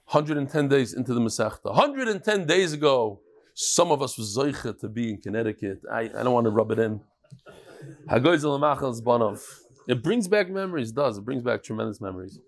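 A man teaching a daily Talmud class, lively and joking, telling stories and mixing Hebrew and Yiddish terms into English. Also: mid-range voice, a little fast.

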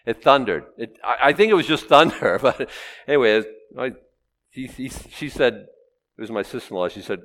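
A middle-aged man preaching a sermon, teaching through a Bible passage in a conversational way with sudden loud rises. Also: medium pitch, sing-song, moderate pace. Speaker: pastor.

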